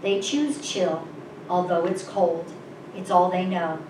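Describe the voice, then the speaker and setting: A woman voicing a calm, gentle male stranger who speaks softly and sadly, recorded from a distance in an echoing room with background noise. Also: fairly low pitch, slow pace. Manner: soft, calm, sad.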